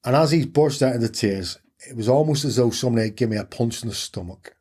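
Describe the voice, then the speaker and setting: A man's voice: medium pitch, quick pace, a little mellow, husky. A middle-aged man, telling his story candidly and earnestly as an interview guest, repeating phrases for emphasis.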